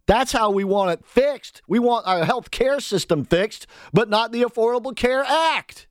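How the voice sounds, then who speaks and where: A man's voice: very high voice, lively intonation, a little slow, hardly any pauses, no echo, clean studio sound. A man hosting a political talk radio show, delivering a fired-up, sarcastic monologue and calling on his listeners to act.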